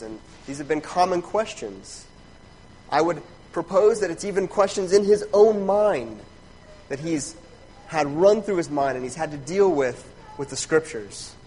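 A man's voice: medium pitch, slight background noise, poor audio. A man pastor preaching an expository sermon, emphatic, asking rhetorical questions and checking in with "right?".

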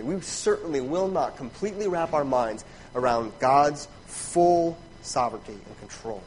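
A man's voice: medium pitch, slight background noise, low-quality recording. A man pastor preaching an expository sermon, emphatic, asking rhetorical questions and checking in with "right?".

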